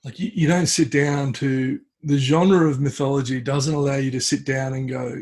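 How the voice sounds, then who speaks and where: A man with a husky, slightly breathy voice talks with a guest's easy, unhurried manner. He keeps circling back and restarting his sentences as he retells an old story. His pitch sits in an ordinary middle range. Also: steady tone, darkish tone. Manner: hesitant, restarts phrases, tells story with acted quotes. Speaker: podcast guest. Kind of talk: conversational storytelling. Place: at home with a cat.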